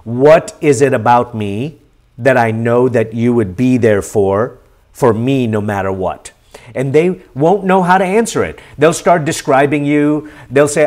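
A middle-aged man hosting a live-stream question session, talking in an earnest, animated and encouraging way. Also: mid-range voice, measured pace. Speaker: host.

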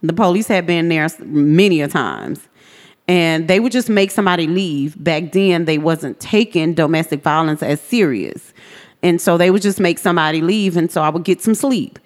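Telling her own story in a podcast interview, this woman speaks at a moderate pace in an animated, lowish voice. She's earnest and imitates the people in her account, with long hall reverb around her.

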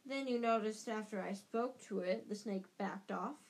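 A woman's voice: mid-range voice, normal speed, close to an everyday voice. A woman reading aloud as an angry teenage boy wizard who speaks in a tense, clipped way.

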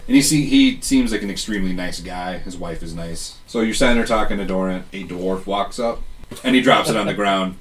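Deep-voiced casual game master. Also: male voice, brisk. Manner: casual, loose, crude. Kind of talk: narrating a tabletop game. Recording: distant mic, group chatter around.

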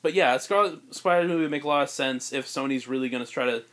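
A man hosting a podcast, casually pitching a film plot in a rambling way, full of "like" and restarts. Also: quick pace, fairly bright tone. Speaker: podcast host.

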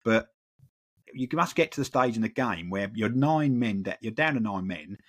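Low husky man in football chat. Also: animated, normal speed, a bit bright. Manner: rambling, repeats words, fills with "you know". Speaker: podcast co-host.

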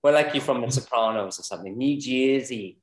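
A man's voice: medium pitch, fairly quick, reverberant, rough recording. A man co-hosting a casual podcast, rambling and chuckling with lots of fillers. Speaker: podcast co-host. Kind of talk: casual chat.

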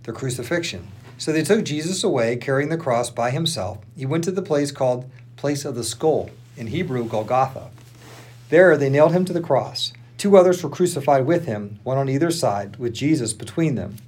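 A man co-hosting a podcast, reading a Bible passage aloud in turns, plain and steady with small slips. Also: medium pitch, normal speed, slightly rough. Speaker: podcast co-host reading scripture.

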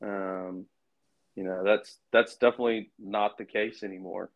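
A man, chatting casually as a podcast co-host, halting and full of restarts and fillers. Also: on the low side, steady tone. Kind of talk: casual chat. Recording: muffled lo-fi recording.

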